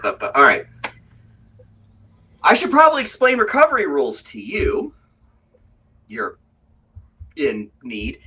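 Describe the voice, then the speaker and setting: A man running a tabletop game as game master, a lively storyteller who tells the story, explains the rules and tells anecdotes. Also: slight background noise. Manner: lively storyteller, quick shifts into high put-on voices. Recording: voice from a distance.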